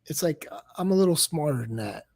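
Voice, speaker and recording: A man's voice: fairly high pitch, expressive, brisk, darkish tone, no room sound, clean studio sound. A man chatting casually on a late-night live stream, rambling and exasperated, often stammering and repeating his words. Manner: exasperated, keeps saying "come on, man".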